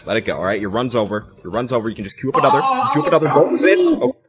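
A man's voice: medium pitch, huge pitch swings, very fast, background noise. A young man casually commentating his own gameplay, teasing other players and laughing often. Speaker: gameplay streamer.

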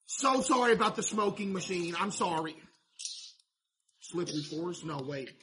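A man streaming a game, chatting to his viewers in a mock-stressed, animated way. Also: high-pitched, normal speed, slight background noise. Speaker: streamer playing a laundromat game. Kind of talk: casual gameplay commentary to chat.

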